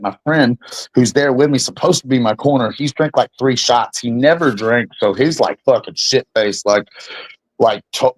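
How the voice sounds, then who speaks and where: A man's voice: mid-range voice, no echo, rough recording. Man telling a wild story, dry sound. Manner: animated, profane storytelling. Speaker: bare-knuckle fighter guest. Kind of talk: casual storytelling interview.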